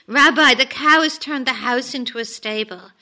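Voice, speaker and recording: A woman's voice: high-pitched, moderate pace, bright, forceful tone, pitched above the performer's own voice. A woman voicing a desperate poor village man who pleads and laments as she reads a story aloud. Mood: lamenting.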